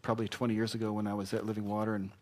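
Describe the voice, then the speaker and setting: A middle-aged male pastor preaching a sermon. He acts out quoted apologies and excuses with lively shifts of voice. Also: lowish voice, very fast.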